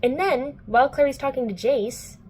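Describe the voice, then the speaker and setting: A woman's voice: high-pitched, normal speed, a little mellow, slight background noise. Chatty young woman recapping a book. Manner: chatty, filler-heavy, profane, playful. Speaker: book vlogger. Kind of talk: casual plot recap.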